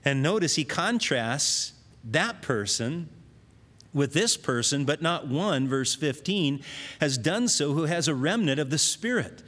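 A man's voice: a little high, animated, measured pace, a bit bright, big-room sound. A man preaching a sermon, reading scripture and urging his listeners, often speaking God's words in the first person. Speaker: pastor.

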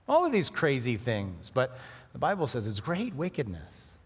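A middle-aged man preaching a sermon in a conversational, animated way, with sudden emphatic rises. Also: medium pitch, moderate pace, slightly rough. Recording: hall reverb.

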